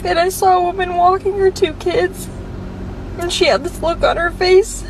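A woman quietly telling a sad story to camera, out on a street. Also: extremely high pitch, steady tone, moderate pace, noisy background.

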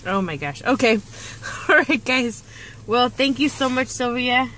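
Woman vlogger, unhurried and high-pitched, gushing unboxing chat over steady background noise. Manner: gushing, exclaiming, cooing. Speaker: vlogger unboxing reborn dolls.

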